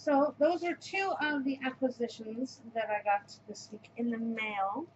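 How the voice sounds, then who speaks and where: A woman's voice: a little high, a little slow, slight background noise. Woman, middle-aged, knitting podcast host, casual show-and-tell chat, gushing and effusive, a little muffled. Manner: gushing, effusive, repeats words.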